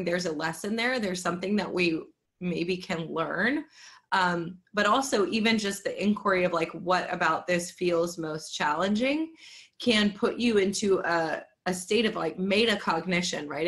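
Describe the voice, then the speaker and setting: A woman's voice: on the low side, fairly bright tone. A woman co-hosting a podcast, talking in a thoughtful, earnest way with many fillers. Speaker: podcast co-host. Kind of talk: casual reflective podcast chat.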